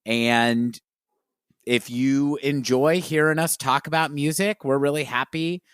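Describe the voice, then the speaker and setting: A man co-hosting a music podcast. He sets out the season in an earnest, animated way at a middle pitch. The close mic sounds dry, with no room around it. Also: a little slow, smooth, no room sound. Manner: earnest, lively show introduction. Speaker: podcast co-host. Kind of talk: casual podcast chat.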